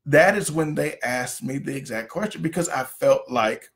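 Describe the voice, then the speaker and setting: A man in his thirties, a pastor, talking earnestly and haltingly about his marriage on a livestream. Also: medium pitch, lively intonation, fairly bright tone. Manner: earnest, halting, with many restarts. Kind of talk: candid couple talk on a livestream.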